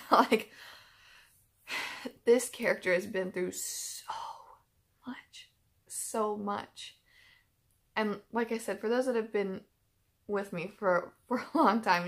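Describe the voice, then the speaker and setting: A woman's voice: medium pitch, moderate pace, vocal fry. A woman hosting a reaction channel, chatting casually and emotionally, with lots of filler words and restarts. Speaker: YouTube reaction channel host. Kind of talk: casual chat.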